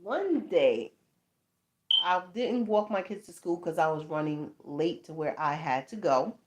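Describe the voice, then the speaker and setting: A woman's voice: low voice, measured pace, heavy background noise. A woman in her thirties tells a story in a loose, casual way, dropping curse words and checking in with her listeners. She breaks into laughter often and her voice swings widely up and down. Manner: animated, laughing, swearing, lots of "you know what I'm saying". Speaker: tarot channel host.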